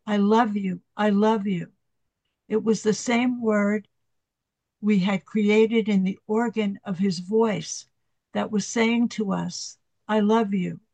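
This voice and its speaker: Brief: a reader doing a gentle, unhurried Jesus, devotional reading, dry sound. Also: mid-range voice, no room sound. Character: Jesus as a tender divine father speaking to a devotee.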